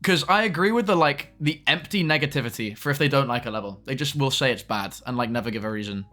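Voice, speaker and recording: A young man chatting casually on a live stream, with quick asides to his chat. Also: medium pitch, sharp tone, soft background music.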